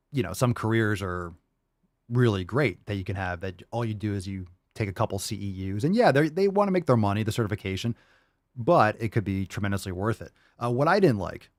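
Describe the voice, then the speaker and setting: Man, low voice, dry close sound, casual profane q&a host, rambling. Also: darkish tone, dry recording. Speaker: podcast host answering viewer questions. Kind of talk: casual livestream Q&A.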